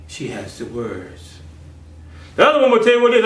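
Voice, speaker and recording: Passionate male preacher, fairly high voice, echoey room and a distant mic. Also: wildly swooping pitch, brisk. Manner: impassioned, swinging between loud and hushed. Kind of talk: sermon. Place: home office.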